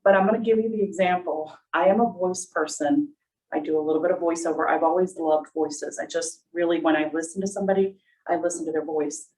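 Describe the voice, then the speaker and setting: Low-voiced woman on a distant video call. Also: fairly even intonation, a little fast, darkish tone. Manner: earnest, explanatory. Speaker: panelist. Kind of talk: webinar panel talk.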